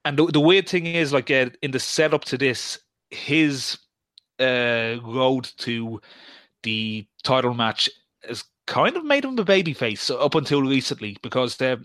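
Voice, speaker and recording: Man, casual podcaster, halting delivery full of ums and restarts, dry close recording. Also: medium pitch, expressive, a bit bright, dry recording. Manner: hesitant, many fillers and restarts. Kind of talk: casual podcast chat about wrestling.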